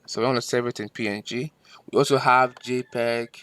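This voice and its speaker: A man teaching a screen-recorded software lesson, patient and step by step, repeating himself with fillers. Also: medium pitch, fairly even intonation, moderate pace. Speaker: instructor.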